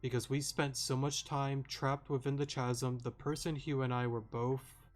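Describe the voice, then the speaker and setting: A man reading aloud the lines of a remorseful young woman detective in a game, slow and earnest. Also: mid-range voice, flat delivery, faint music behind, close to an everyday voice. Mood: solemn.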